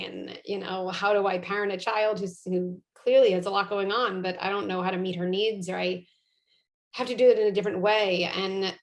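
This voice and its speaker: Reflective woman with a flat, gravelly voice. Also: medium pitch. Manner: reflective, thinking aloud with many fillers. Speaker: guest, parenting psychologist. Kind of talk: conversational interview.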